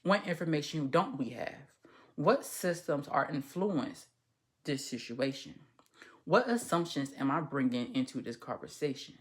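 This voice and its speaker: A low-voiced woman with lively intonation and a measured pace hosts a casual commentary podcast. Speaking as a social worker, she's candid and rambling, swears freely, and trips over her words.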